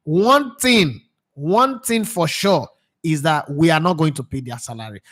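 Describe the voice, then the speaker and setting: A Nigerian man with a Nigerian accent hosts a casual football talk show. His voice sits a little high, and he swings in and out of Pidgin with lively, laughing energy. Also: measured pace. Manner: animated, mixes Pidgin with English, laughs often. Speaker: sports show host.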